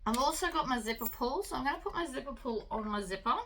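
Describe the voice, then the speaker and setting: A woman hosting a sewing tutorial, talking through each step in a relaxed, chatty way with the odd um and uh. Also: high voice, fast, a little hiss or hum, low-quality recording. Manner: relaxed, chatty instruction with fillers.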